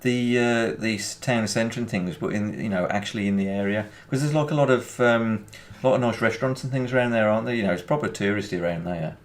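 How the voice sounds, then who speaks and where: Lowish voiced brummie guy rambling on while he plays, keeps chuckling. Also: quick pace, hardly any pauses. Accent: Birmingham English. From England. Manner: chatty and rambling, chuckles often. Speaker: gaming YouTuber. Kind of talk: casual chat over gameplay.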